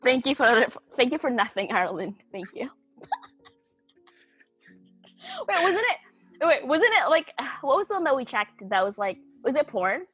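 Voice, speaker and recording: A woman's voice: sits high, sing-song, unhurried, pauses often, fairly bright tone, slightly rough, soft background music. A woman in casual chat who giggles often, swears freely and keeps guessing in a playful way.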